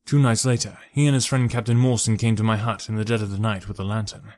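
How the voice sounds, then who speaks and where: A man narrating a first-person story for an audiobook in a measured, even way. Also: on the low side.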